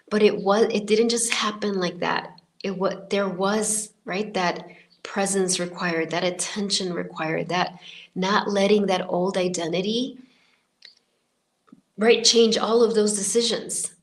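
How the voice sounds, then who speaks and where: A woman's voice: medium pitch, steady tone, a little slow. A woman in her fifties hosting a podcast, telling a personal story in a casual, rambling way full of filler words and restarts. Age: 50s. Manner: chatty and rambling, many filler likes and restarts. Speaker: podcast host.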